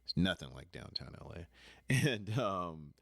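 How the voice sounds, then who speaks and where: A man's voice: deep voice, sing-song, measured pace, creaky, fairly bright tone, no room sound, clean studio sound. A man telling a personal story in a casual, rambling way, talking straight to the listener and apologizing when he drifts off topic. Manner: chatty, talks straight to the listener.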